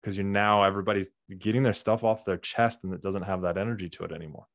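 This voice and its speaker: A man, a burnout coach being interviewed, talking candidly and earnestly in quick animated bursts. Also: low-pitched, no echo, clean studio sound. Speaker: burnout coach, podcast guest. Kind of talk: candid conversational storytelling.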